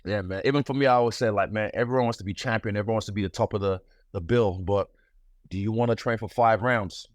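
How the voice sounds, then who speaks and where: A man in his thirties, the guest in an interview, talking in a relaxed, playful, slangy way with frequent restarts. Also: on the low side, fast talker, dry recording, clean studio sound. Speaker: guest fighter. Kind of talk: casual interview.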